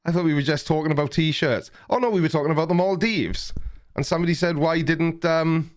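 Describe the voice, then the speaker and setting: A man's voice: a little high, brisk. Middle-aged male livestream host, rambling, self-mocking, reads chat aloud.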